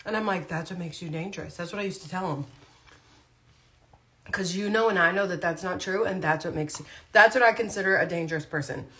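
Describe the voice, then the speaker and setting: A woman's voice: on the low side, brisk, a bit bright. A woman talking casually on a livestream, blunt and chatty, chewing food as she speaks. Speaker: vlogger.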